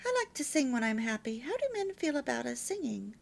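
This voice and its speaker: A woman's voice: sits high, big pitch swings, brisk, creaky, a little hiss or hum, exaggerated voice. A woman voicing an eager student who asks her teacher a question.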